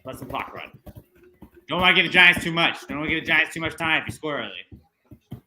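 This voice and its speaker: A man's voice: fairly high pitch, lively intonation, fairly quick, bright, forceful tone, slight background noise. A man co-hosting a sports watchalong stream, joking and chatting casually about the game. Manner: joking, cheers on his team. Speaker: podcast co-host.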